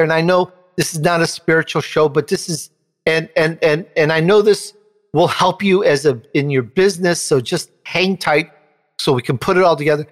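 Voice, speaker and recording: A male show host telling a personal story in an interview, animated, and he jumps up in pitch when he quotes someone. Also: in a large hall.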